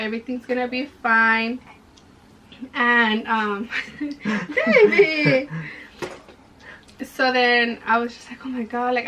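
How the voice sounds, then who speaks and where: A high, sharp-toned young woman tells a personal story vlog-style, with a faint hiss or hum and background music. She chats casually, says "like" constantly, and acts out what people said.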